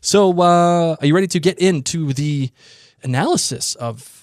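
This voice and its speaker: Guy on a podcast, slightly high voice, gushing about an episode, lots of restarts, dry close mic. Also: normal speed, dry recording. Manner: enthusiastic, teasing, many restarts. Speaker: podcast co-host. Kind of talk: casual TV recap chat.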